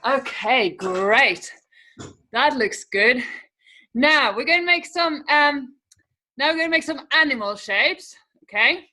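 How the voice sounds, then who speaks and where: A woman leads young children through stretches and animal shapes, calling out each move and making animal sounds. Her voice is high and bright, and her instructions come slowly. She is heard from across an echoey room. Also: lively intonation. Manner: encouraging, counts and calls out moves, makes animal sounds. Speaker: children's acrobatics teacher. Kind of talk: online movement class for children. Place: room at home, video class. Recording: echoey room, distant from the mic.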